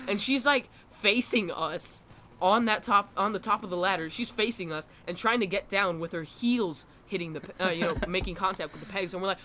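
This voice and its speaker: A man's voice: high voice, brisk, pushed and bright. A teenage boy telling a funny story casually, acting out quotes and laughing often.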